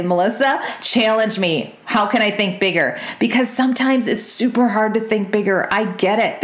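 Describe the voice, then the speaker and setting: A woman, coaching her listeners in an energetic, direct podcast talk and checking in with "okay?" and "y'all". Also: medium pitch, roomy sound. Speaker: business coach and podcast host.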